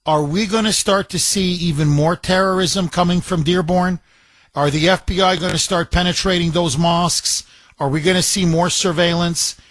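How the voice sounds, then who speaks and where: A man's voice: high voice, fairly even intonation, normal speed, fairly bright tone, no echo. A man hosting a talk radio show, firing pointed questions at a caller.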